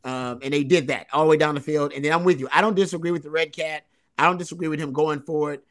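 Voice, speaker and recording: A man's voice: on the high side, steady tone, quick pace, fairly bright tone. A man co-hosting a sports podcast, analyzing a football game in casual talk and stressing points by repeating phrases. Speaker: co-host.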